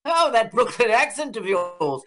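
A man voicing a fawning male film director, coaxing in a high, sing-song way. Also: sing-song, measured pace, music in the background, exaggerated voice.

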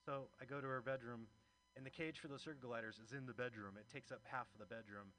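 Male comedian and open-mic emcee, bright, forceful tone, loose, rambling, chuckling delivery. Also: mid-range voice, steady tone, fast, slight background noise, rough recording. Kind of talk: stand-up comedy set.

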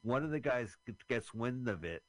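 A man's voice: mid-range voice, expressive, normal speed, no echo, low-quality recording. A man hosting a radio show, giving joking, wry running commentary on a movie with some swearing, in a casual chat style.

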